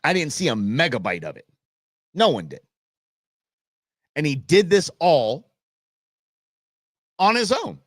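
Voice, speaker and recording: A man's voice: fairly high pitch, fairly bright tone, dry recording, clean studio sound. A middle-aged man hosting a live talk show, ranting bluntly and with exasperation. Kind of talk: opinionated live show rant.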